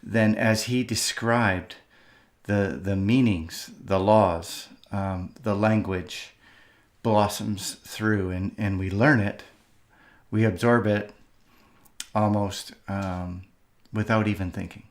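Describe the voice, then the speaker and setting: Male host, lowish voice, reflective and hesitant. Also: fairly even intonation, takes it slowly. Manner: thoughtful, hesitant, many fillers. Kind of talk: reflective commentary.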